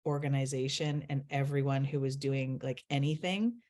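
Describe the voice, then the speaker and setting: Low-voiced woman speaking earnestly. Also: moderate pace, warm tone. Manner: earnest, laughs while telling stories. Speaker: guest. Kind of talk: candid interview conversation.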